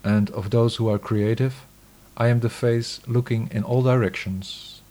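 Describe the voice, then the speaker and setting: A man giving a scripted scripture reading in a measured, solemn, declamatory way. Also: medium pitch, fairly even intonation, warm tone.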